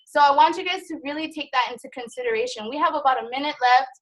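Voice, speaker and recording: A woman's voice: high-pitched, animated, fast talker, very noisy. A woman in her thirties leading a motivational training call, emotional and rambling, with a fired-up pep-talk manner. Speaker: team leader of a sales business. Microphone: call recording.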